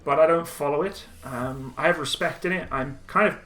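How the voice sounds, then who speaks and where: A young man casually reading and answering viewer chat on a live stream, relaxed and chatty with frequent ums and laughs. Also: on the high side, normal speed, noisy background.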